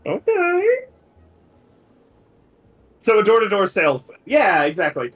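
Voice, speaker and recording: A man from New England with a general American accent, chatting casually as a streamer, rambling and correcting himself often, quick to laugh. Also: on the high side, expressive, sharp tone. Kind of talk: casual chat while gaming. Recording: roomy echo with game music.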